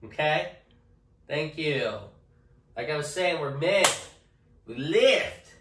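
A man's voice: a little high, animated, slow pace, recorded from a distance, background noise. A man chatting casually to camera in a joking, rambling way, often tagging lines with okay. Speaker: vlogger. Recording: echoey room, off-mic.

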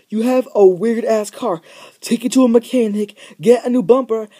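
A man's voice: sits high, dark tone. A teenage boy ranting casually on his vlog, profane and rambling, full of filler words. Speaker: vlogger.

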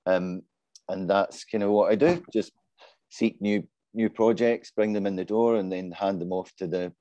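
Guy in his 40s on an industry panel, low mellow voice, modest, pokes fun at himself, dry sound. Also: fairly even intonation, moderate pace, no echo, dull audio. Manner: modest, self-deprecating. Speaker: panelist, business development lead. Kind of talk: casual panel talk.

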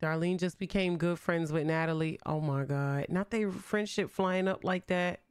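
A woman's voice: lowish voice, fairly even intonation, moderate pace, a little mellow, smooth, no echo, clean studio sound. A young woman streaming a life-simulation game, chatting in slang and talking to her characters as she plays. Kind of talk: casual game commentary.

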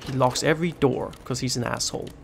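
A man's voice: mid-range voice, quick pace, vocal fry, a little hiss or hum. A man giving let's play commentary, panicking, swearing and joking to himself. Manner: panicky, swearing, jokey self-talk. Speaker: game streamer.

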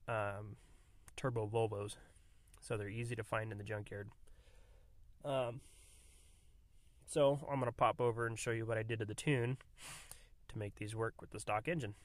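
A man's voice: mid-range voice, dry recording. A man with a stuffy, nasal voice from a cold, casually walking through a car tuning job with lots of ums and uhs. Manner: hesitant, many ums and uhs. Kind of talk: casual how-to walkthrough.

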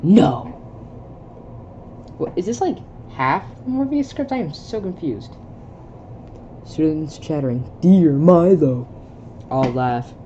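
This young adult video creator reads a film script aloud casually, voicing the stage directions, stumbling, and stopping to remark in bewilderment. The delivery is animated and slow with frequent pauses, in a medium-pitched, slightly mellow voice, and the recording has its highs cut off plus a little hiss or hum.

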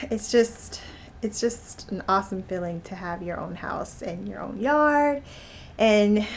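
A young pregnant woman chatting in a relaxed home vlog, laughing often and letting her words trail off softly. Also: mid-range voice, a little hiss or hum. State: pregnant, awaiting labor. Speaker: vlogger. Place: home, indoors.

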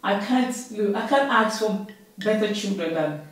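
A middle-aged woman speaking as a mother to her children, warm, heartfelt and emphatic. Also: mid-range voice, normal speed. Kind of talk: heartfelt family chat. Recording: echoey room from far off.

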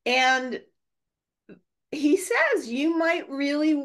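A woman's voice: high voice, very slow. A woman, the guest speaker, explaining ideas in a discussion over a video call. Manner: animated, explanatory.

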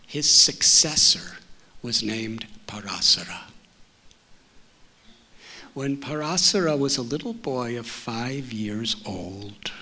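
A man tells a story as a spiritual teacher in an unhurried, gentle way. His voice is bright yet slightly husky. His phrase endings drop almost to a whisper. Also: medium pitch. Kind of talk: storytelling talk. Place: public library auditorium.

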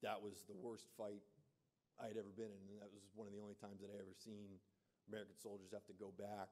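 A man in his thirties speaks at a gala podium in a low, even voice with little rise and fall. His tone is mellow and dark. He tells his story plainly, often restarting and leaning on "you know". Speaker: keynote speaker, former soldier. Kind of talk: spoken storytelling speech. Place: gala event hall.

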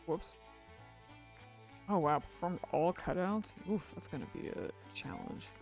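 This mid-range, darkish voice is lively in intonation but a little slow, with faint music in the background. A weary streamer at the end of a long day, he chats while playing, rambles, keeps restarting and apologizes for botching words.

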